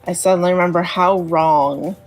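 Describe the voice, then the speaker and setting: A woman's voice: on the low side, fairly even intonation, normal speed, faint music behind. A woman co-hosting a game stream, rambling casually with many fillers. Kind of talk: casual gameplay chat.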